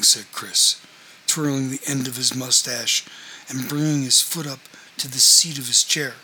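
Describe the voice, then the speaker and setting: A man reading a novel aloud in a measured, even narrating voice. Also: medium pitch, a little hiss or hum, rough recording. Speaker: audiobook narrator.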